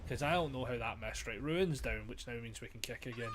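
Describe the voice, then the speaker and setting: A man's voice: mid-range voice, fairly quick, background noise. A man commentating his own gameplay casually, exasperated and self-mocking, swearing constantly, his throat strained and frazzled. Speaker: gamer streamer.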